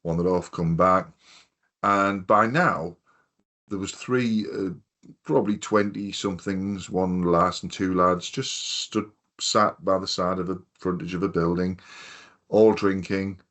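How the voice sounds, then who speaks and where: A man's voice: sits low, steady tone, measured pace, a bit bright. A man with a Hartlepool accent from North East England, hosting a casual podcast and telling long, rambling stories with plenty of swearing. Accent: North East English, Hartlepool. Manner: rambling anecdotal storyteller, swears freely. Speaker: podcast host. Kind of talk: casual chat.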